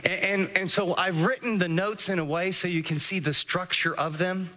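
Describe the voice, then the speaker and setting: A man's voice: high voice, fairly even intonation, normal speed, pushed and bright, in a large hall. A man preaching a sermon, earnestly teaching and walking listeners through scripture verse by verse. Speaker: pastor.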